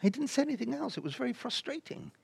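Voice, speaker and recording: Animated older Englishman giving testimony. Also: very high-pitched, fast talker, creaky, husky, dry recording, clean studio sound. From England. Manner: animated storyteller who acts out dialogue and drops to near-whispers. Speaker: preacher. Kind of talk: personal testimony in a sermon.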